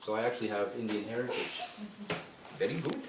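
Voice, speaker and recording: A man's voice: fairly low pitch, brisk. A Canadian man giving a rambling, informal talk to a gathering at a temple, with lots of asides and restarts. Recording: echoey hall, speaker far from the mic, faint hiss.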